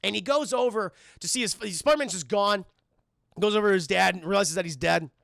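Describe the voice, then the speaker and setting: A young man giving a casual, excitable and profane film review on a live stream, acting out the scenes. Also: sits high, a little fast, gravelly, no echo, studio quality.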